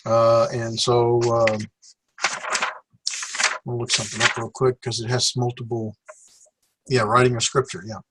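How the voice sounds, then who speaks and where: Guy teaching greek, slow and unhurried, lots of uhs and ums, fixes his own mistakes, middle pitch. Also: completely flat delivery, noisy background. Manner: slow, with many fillers and self-corrections. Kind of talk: classroom lecture.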